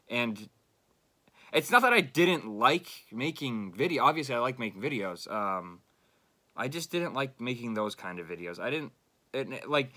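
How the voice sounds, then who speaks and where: Bright-voiced young man rambling frustratedly. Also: fairly low pitch, expressive, moderate pace, pauses often. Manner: casual and frustrated, heavy swearing, frequent fillers. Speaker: YouTuber. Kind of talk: unscripted rambling monologue.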